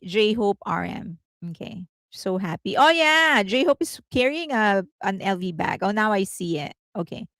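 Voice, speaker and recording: A woman hosting a casual entertainment news livestream, chatty and rambling, laughing often and thinking out loud. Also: medium pitch, no echo.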